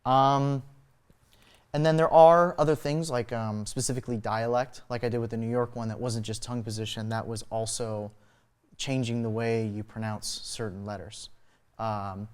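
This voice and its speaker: A man's voice: medium pitch, steady tone, normal speed, clear, resonant tone. A young man chats as a guest on a student talk show, explaining accent technique in a loose, rambling way. His talk is full of fillers and "you know" as he works through his points. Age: young adult. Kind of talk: casual explanatory chat. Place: college TV studio.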